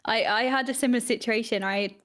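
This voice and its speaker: A woman with a fairly high voice chats as a podcast guest. She tells her stories in an animated, lively way, speaking into a close mic. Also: fairly quick. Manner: animated storytelling. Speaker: streamer guest. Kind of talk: casual podcast chat.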